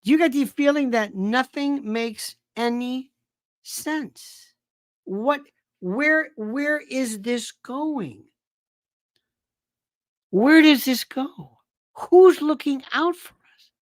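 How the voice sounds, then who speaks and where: A man hosting a political commentary show, delivering an animated monologue full of rhetorical questions and exasperated repetition. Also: very high voice, drawn-out words, pauses often, no room sound, clean studio sound. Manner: exasperated, fires off rhetorical questions, repeats himself.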